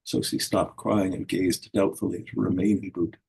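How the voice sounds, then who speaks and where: A man's voice: deep voice, steady tone, normal speed, vocal fry, a little mellow, husky, low-quality recording. A man reading a whimsical fairy story aloud at a book launch, giving the characters their own voices.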